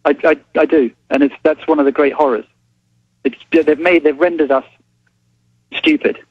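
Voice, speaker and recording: A man, a journalist calling in to a talk show, speaking haltingly with many restarts before pressing his point. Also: a little high, fairly even intonation, slightly rough, no room sound. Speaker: newspaper journalist guest. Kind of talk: phone-in interview. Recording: dull phone line.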